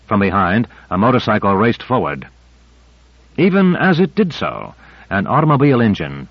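A man reading a thriller aloud as an audiobook narrator, in a measured, steady way. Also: on the low side, no echo. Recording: dry, slightly dull recording.

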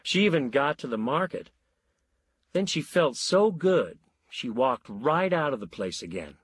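A man's voice: medium pitch, big pitch swings, measured pace, a bit bright, breathy edge, no room sound, clean studio sound, exaggerated voice. A man voicing a glum, matter-of-fact scientist. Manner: plain, matter-of-fact, depressed. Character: baffled scientist friend, adult man, glum.

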